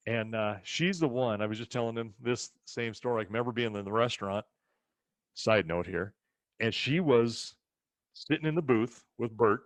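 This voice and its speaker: This medium-pitched man speaks at a normal speed, with no room sound on the recording. Co-hosting from a ranch in the rural western US, he chats through family stories and plays out everyone else's lines with lively energy.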